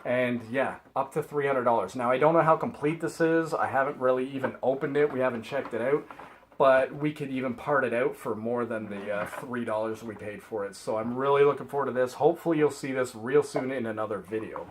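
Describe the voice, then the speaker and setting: A man's voice: mid-range voice, brisk, slight background noise, rough recording. A middle-aged man from Canada, rambling chattily through a haul vlog and laughing at himself. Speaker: reseller vlogger.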